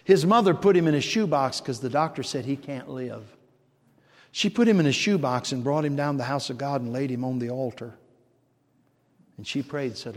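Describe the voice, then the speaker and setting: An older man preaching a sermon, swinging from shouted declarations to hushed storytelling. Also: mid-range voice, moderate pace. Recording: long reverb of a large hall.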